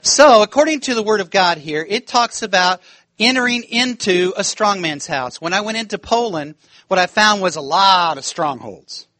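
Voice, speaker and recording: Male preacher, high bright voice, dry close sound, lively storytelling sermon. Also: normal speed, no room sound. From United States. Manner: animated, laughing, acts out quoted voices. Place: church.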